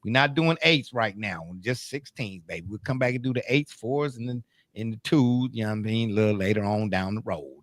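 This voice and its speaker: A man hosting a casual sports talk livestream, joking and folksy, drawing out words and swinging his pitch widely. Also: fairly quick, fairly bright tone, dry recording. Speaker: show host.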